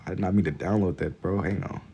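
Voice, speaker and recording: A man's voice: deep voice, fast talker, mellow, a little hiss or hum. A young man from Kentucky chatting casually on a livestream while he draws, laid-back and slangy as he reads chat aloud. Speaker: livestreaming artist.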